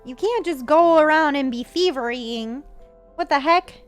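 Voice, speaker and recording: A young woman commenting on a game playthrough with animated, chatty reactions. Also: high voice, a little slow, soft background music. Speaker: gaming streamer.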